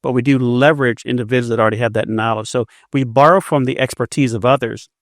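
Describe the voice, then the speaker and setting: A man's voice: medium pitch, fairly even intonation, quick pace, dry recording, studio quality. A man in his fifties, a business guest telling stories in a casual interview, often repeating words as he starts a sentence. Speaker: entrepreneur guest.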